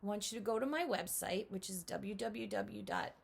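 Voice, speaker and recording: A middle-aged woman giving children a lively home lesson, speaking right to the kids and doing bird calls. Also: mid-range voice, moderate pace, gravelly, breathy edge. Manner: animated, talks straight to kids, imitates owl calls. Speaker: children's author teaching at-home learners. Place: home, indoors.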